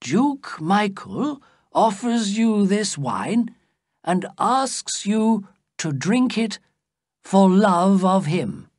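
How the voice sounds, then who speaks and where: An old servant delivers his message slowly and formally, as a woman reading the story puts him on. The pitch is raised above the narrator's, with a husky voice. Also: very animated, darkish tone, no room sound, clean studio sound, full character voice. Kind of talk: storybook character voice.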